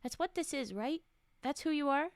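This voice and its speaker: A woman's voice: high voice, lively intonation, normal speed, no room sound. A woman playing a frantic young woman. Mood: agitated. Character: agitated young woman, a scared test subject.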